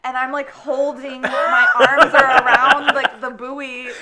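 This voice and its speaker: A woman's voice: sits high, flat delivery, takes it slowly, a crowd in the background. A woman in casual podcast chat, telling a story with lots of "like" and giggles. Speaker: guest co-host.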